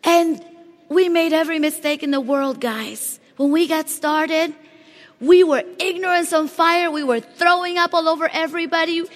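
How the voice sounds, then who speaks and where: A woman giving an energetic motivational speech on stage, talking straight to the audience and asking them questions. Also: very high-pitched, normal speed. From Latin America. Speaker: motivational speaker at a company event. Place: large hall on stage. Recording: long hall reverb.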